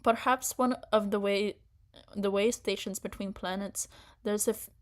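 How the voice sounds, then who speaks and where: A woman's voice: medium pitch, fairly even intonation, measured pace, close to an everyday voice. A woman reading a friendly young mechanic. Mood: practical.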